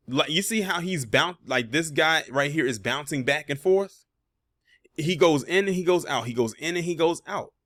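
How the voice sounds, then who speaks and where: A man's voice: medium pitch, fairly bright tone, dry recording, studio quality. A man hosting a reaction commentary video, talking casually and pointedly, with sarcastic asides and frequent fillers.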